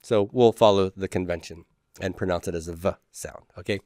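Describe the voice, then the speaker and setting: Guy teaching a class, chatty, has everyone repeat letters, clean smooth voice. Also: low voice, brisk, a little mellow, no echo, studio quality. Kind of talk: classroom lecture.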